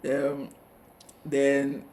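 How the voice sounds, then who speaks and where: A man co-hosting a casual TV review chat, retelling scenes with quick asides. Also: mid-range voice, monotone, a little mellow. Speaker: co-host of a TV review channel.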